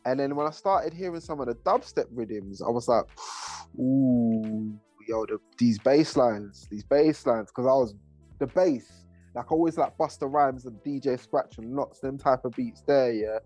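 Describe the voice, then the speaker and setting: A man's voice: mid-range voice, animated, normal speed, a little mellow, soft background music. A man, a rapper and producer talking casually in an interview, laid-back and full of slang. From England. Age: 30s. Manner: laid-back, heavy slang, rambling asides.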